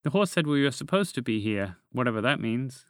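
A man's voice: medium pitch, animated, a little fast, no echo, clean studio sound, natural voice. A man doing a timid, earnest boy frog. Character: timid young male frog.

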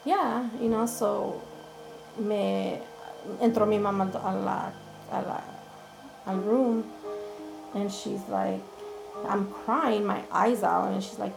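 A woman's voice: mid-range voice, steady tone, takes it slowly, vocal fry, over music, poor audio. A woman, an interview guest, candidly telling her own story and often quoting what people said. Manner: candid, frank, often quotes people in conversation. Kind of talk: personal storytelling.

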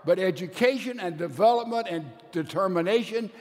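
A man with a high-pitched voice preaches a sermon, retelling a story with emphatic, storytelling energy. He slows down to stretch out the words he wants to land. His voice rings with the long reverb of a large hall. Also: animated, a little mellow.

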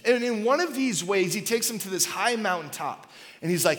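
A man in his thirties giving a sermon in a church auditorium, casual and animated, telling stories with lots of "like" and "right?". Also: sits high, normal speed, in a large hall. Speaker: pastor.

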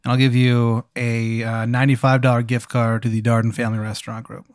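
A man's voice: mid-range voice, little pitch movement, fairly quick, no echo, studio quality, natural voice. A man voicing a small-time male wizard with a thick Maryland accent and pushy salesman patter.

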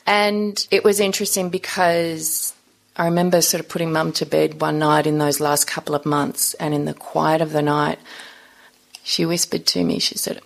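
A woman's voice: low voice, flat delivery, moderate pace, gravelly. A middle-aged woman, a podcast guest, telling a personal story in an earnest, reflective interview.

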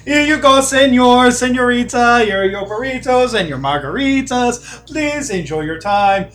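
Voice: mid-range voice, animated, moderate pace, a bit bright, pitched above the performer's own voice, close to an everyday voice. A player putting on a waiter with a fake Spanish accent for a tabletop game. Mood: showy.

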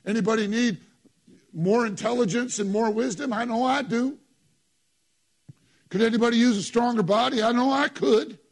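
A man delivers a sermon from the pulpit of a church. His voice sits high and carries a husky edge. He preaches emphatically, throwing short phrases out to the congregation and repeating them for effect. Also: normal speed, pauses often. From New York. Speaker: pastor.

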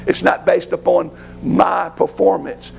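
A man's voice: high voice, measured pace, vocal fry, a little mellow, slight background noise, rough recording. A man preaching a sermon as pastor, rising to fervent pleading.

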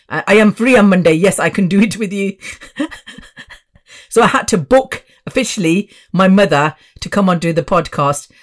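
A woman in her fifties hosting her own podcast, chatty and rambling with asides. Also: fairly low pitch. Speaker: podcast host. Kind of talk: casual solo podcast chat.

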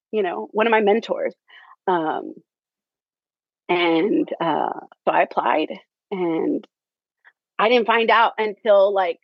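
Woman guest, casual and halting, lots of ums, dry dull-sounding recording. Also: mid-range voice, dry recording. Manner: halting, many fillers, laughs often. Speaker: theater teacher, interview guest. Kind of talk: casual interview chat.

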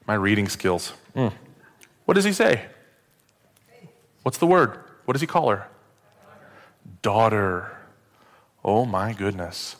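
A man's voice: lowish voice, long reverb tail. Conversational male pastor preaching. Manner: conversational, self-deprecating, drops to hushed tones for emotional story moments. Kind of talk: sermon.

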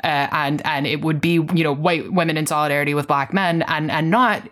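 Deep-voiced woman, podcast co-host, impassioned and analytical. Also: steady tone, fairly quick, a bit bright. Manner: passionate, analytical, restarts often. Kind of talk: casual chat.

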